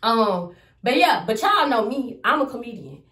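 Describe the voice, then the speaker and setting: A young adult woman, a comedian, telling a personal story in a casual vlog. She is animated and profane and swings between loud outbursts and low asides. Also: moderate pace, distant mic. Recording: echoey room, voice off from the mic.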